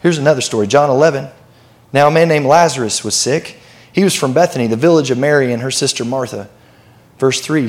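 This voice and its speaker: A man's voice: mid-range voice, fairly quick. A man preaching a sermon, talking in a conversational, emphatic way and asking the listeners questions. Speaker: pastor.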